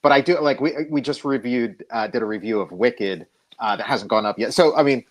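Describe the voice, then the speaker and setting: A male guest talks through a casual interview, his voice at an everyday middle pitch. He often stops and restarts mid-thought, leaning on "you know" and "uh" as he finds his words. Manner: halting, self-interrupting, many fillers.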